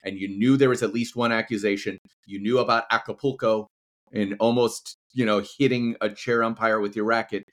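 A man's voice: lowish voice, fairly even intonation, a little fast, fairly bright tone. A young adult man co-hosting a podcast in casual chat, rambling with frequent restarts and casual swearing. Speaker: podcast co-host.

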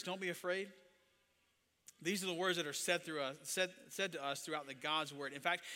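A man preaching a sermon. He moves between hushed storytelling and loud, impassioned passages. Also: a little high, big-room sound. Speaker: pastor.

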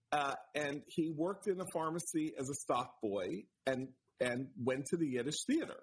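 A man co-hosting a podcast, telling animated stories in casual chat, with fillers and restarts. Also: a little high, normal speed, few pauses, a little hiss or hum, rough recording. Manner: animated storytelling, with frequent fillers and restarts into voices. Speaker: podcast co-host.

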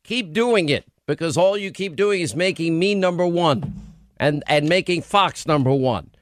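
A middle-aged man hosting a radio talk show, telling stories in a rambling, animated way. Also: fairly high pitch, moderate pace, no room sound, clean studio sound. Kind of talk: casual talk radio banter.

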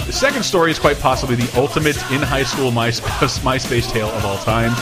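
A man's voice: medium pitch, animated, a little fast, over music. A man in his twenties from Georgia, chatting casually on a podcast and telling stories with frequent laughs. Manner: joking, storytelling, laughs often. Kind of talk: casual chat.

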